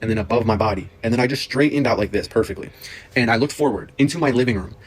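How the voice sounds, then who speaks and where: A young man telling a personal story in a casual, excited, rambling way, full of fillers and restarts. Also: mid-range voice, fast, slightly rough.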